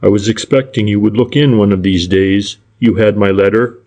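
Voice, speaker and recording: A sly, furtive private detective, polite and deferential to a fault, who circles his point instead of making it, as a male audiobook narrator reads him. His voice sits low. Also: fairly even intonation, normal speed, darkish tone, lightly acted. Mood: civil. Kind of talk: audiobook character reading.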